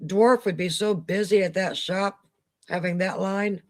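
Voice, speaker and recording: Slow-talking, giggly Midwestern woman. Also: medium pitch, fairly even intonation. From Midwestern United States. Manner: giggly, breaks into laughter often. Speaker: co-host of a live chat stream. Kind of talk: casual late-night chat.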